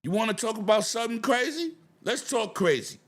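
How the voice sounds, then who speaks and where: A man's voice: high voice, lively intonation, brisk. A man hosting a casual gaming livestream, ranting with profanity and greeting viewers in chat. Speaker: livestream host.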